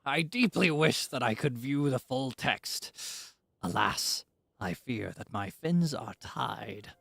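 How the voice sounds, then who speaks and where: Giotto, a man putting on a gravelly pirate-ish scholar. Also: mid-range voice, expressive, slow, a bit bright, no room sound, full character voice. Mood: grandiose. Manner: pirate-like, grandiose reading voice. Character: pompous male fish-folk historian, scholarly.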